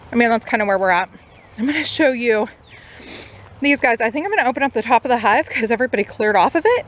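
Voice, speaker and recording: A chatty woman talks through her beekeeping on a camera mic outdoors. Her voice sits a little high, with lots of easy fillers. Faint insect buzzing and outdoor noise run behind her. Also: fairly bright tone. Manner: chatty, upbeat, uses many fillers. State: out of breath. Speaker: new beekeeper. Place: outdoors by beehives.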